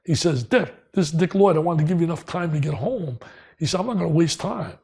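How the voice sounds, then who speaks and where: An older man from New Jersey, telling stories as a guest in an interview, excitable and emphatic, repeating lines for punch. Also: fairly high pitch, quick pace, gravelly, slightly rough. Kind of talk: storytelling interview.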